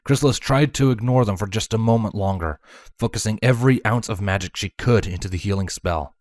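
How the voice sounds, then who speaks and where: A man reading fan fiction aloud as storybook narration, measured and dramatic. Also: on the low side, a little mellow, dry recording, studio quality. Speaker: fanfiction reader.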